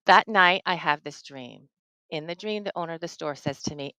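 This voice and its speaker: A woman's voice: low-pitched, animated, a little fast, pushed and bright, clean tone, dry recording, poor audio. A middle-aged woman from New Jersey, a tarot reader, telling a personal ghost story in casual conversation.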